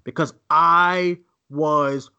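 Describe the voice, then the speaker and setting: A man's voice: on the high side, drawn-out words, clear, resonant tone, highs cut off. A man co-hosting a casual movie podcast, ranting and mimicking voices as he talks. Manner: animated, ranting, mocking voices. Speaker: co-host.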